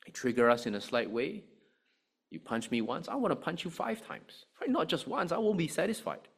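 Animated man preaching a sermon. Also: a little high, normal speed, vocal fry, husky. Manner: animated, rhetorical "right?" asides, acts out angry voices.

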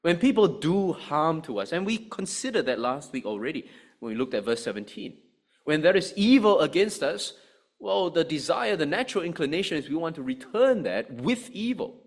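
A man preaching a sermon, animated, with frequent rhetorical asides to the congregation. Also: on the high side, normal speed. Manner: animated, rhetorical "right?" asides, acts out angry voices.

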